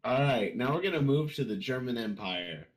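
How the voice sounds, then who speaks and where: A man's voice: mid-range voice, lively intonation, normal speed. A man hosting a podcast, reading out listener questions and teasing the guest. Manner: reads out questions, teasing jokes. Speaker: podcast host. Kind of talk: casual interview chat.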